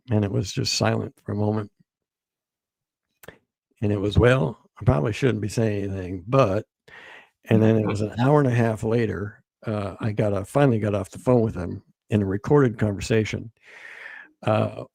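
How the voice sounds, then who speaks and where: A man recounting events as a guest, halting and repeating words as he quotes what others told him. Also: fairly low pitch, vocal fry, mellow, dry recording. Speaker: guest author. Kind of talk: storytelling interview.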